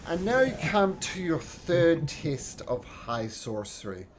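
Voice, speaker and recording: A man narrating as game master in a tabletop game, relaxed and full of fillers. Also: fairly high pitch, slow, slight background noise.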